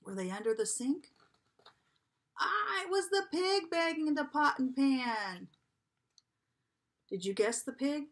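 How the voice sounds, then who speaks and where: A woman preschool teacher reads a picture book aloud, her voice high, bright and swooping. She takes it slowly and keeps turning to the children with coaxing questions, sometimes sinking to a whisper. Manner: animated, slow, coaxing questions to children, drops to a whisper at times.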